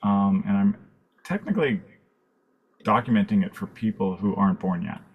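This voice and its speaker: A man with a very low, husky voice gives a loose, casual talk to an online audience, wandering with fillers and side remarks. The sound comes through a computer mic on a video call. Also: moderate pace, narrow, tinny audio. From California. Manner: relaxed, rambling, fillers and asides. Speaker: guest speaker, architectural photographer. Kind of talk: casual presentation.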